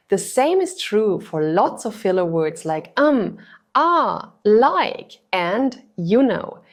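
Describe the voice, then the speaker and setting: A woman giving a scripted English exam lesson, speaking clearly and deliberately and over-articulating the example words. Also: on the low side, darkish tone. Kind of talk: scripted instructional narration.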